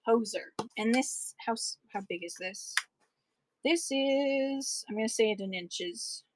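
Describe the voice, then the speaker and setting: A woman with a slightly high voice sells vintage items on a live stream, chatting casually and enthusiastically at a measured pace and rambling between pieces. The recording has no room sound and poor audio quality.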